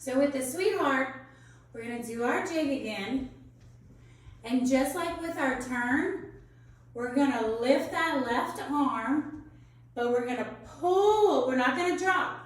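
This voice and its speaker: High-voiced woman teaching dance. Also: expressive, takes it slowly. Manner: bright, encouraging, counts steps aloud, calls out moves. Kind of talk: teaching children a dance lesson. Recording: echoey room from a distance.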